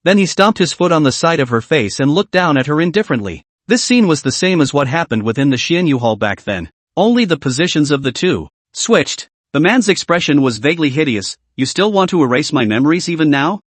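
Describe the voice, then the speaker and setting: Lively male story narrator. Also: a little high, fairly quick, few pauses, no room sound.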